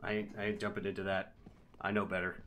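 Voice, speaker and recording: A man streaming a video game live, excitably yelling at enemies and thanking his viewers. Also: deep voice, fast talker, background noise. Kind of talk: live gameplay stream commentary.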